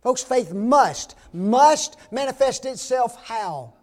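Man in his sixties, pastor delivering a sermon; high voice, measured delivery, emphatic and questioning. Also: animated, a little mellow. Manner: emphatic, rhetorical questioning of the congregation. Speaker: preacher.

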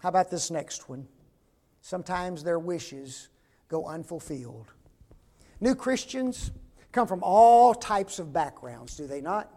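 High-voiced gravelly preacher, older man. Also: animated, measured pace, dark tone. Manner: folksy, asks the congregation rhetorical questions. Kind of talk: sermon.

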